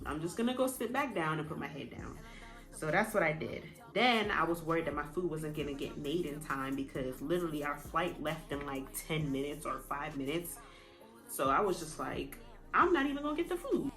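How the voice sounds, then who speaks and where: A young woman telling a vacation story in a casual, animated way, jumping up in pitch when she quotes people. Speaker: vlogger. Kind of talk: storytime vlog.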